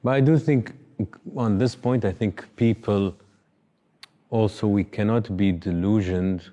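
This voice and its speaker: A man hosting an interview, speaking reflectively in short, measured phrases. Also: on the low side, mellow, dull audio. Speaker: interview host. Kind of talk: conversational interview.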